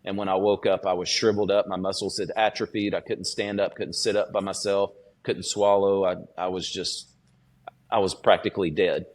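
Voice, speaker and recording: A man with a fairly low voice tells his story as a podcast guest. He is earnest and unpolished, pausing and restarting with frequent fillers as he recalls what happened. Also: level tone. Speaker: student pastor, podcast guest. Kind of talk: personal testimony in a podcast interview.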